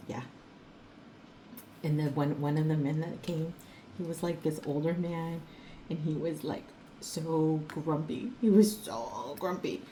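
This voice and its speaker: A woman's voice: deep voice, mellow, a little hiss or hum. A middle-aged woman hosting a crafting vlog, chatting casually at home in a rambling, storytelling way full of fillers and light laughs. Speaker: crafting vlogger. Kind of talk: casual chat while crafting.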